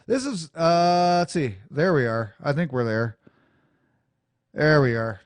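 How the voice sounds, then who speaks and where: American man, radio host, fairly high voice, dry close sound, crude rambling rant. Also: animated, slow pace, dry recording. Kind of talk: profane talk-radio rant. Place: small radio studio. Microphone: studio mic with adjustable EQ.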